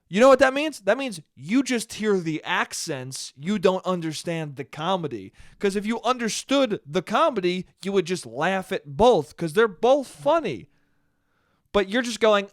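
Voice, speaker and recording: A man's voice: high voice, very animated, moderate pace, no room sound, studio quality. An American man hosting a solo podcast, ranting in a sarcastic, profane, exasperated way. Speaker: podcast host. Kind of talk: solo comedic rant.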